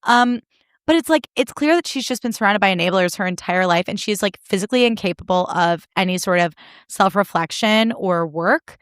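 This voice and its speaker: A young woman hosting a solo podcast, recapping reality TV in animated, indignant, sarcastic talk with plenty of swearing. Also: medium pitch, fairly quick, dry recording, clean studio sound. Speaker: podcast host.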